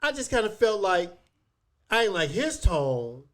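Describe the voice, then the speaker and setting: A man co-hosting a casual podcast. He tells stories in an animated, profane way. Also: sits high, unhurried. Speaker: podcast co-host. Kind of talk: casual chat, storytelling.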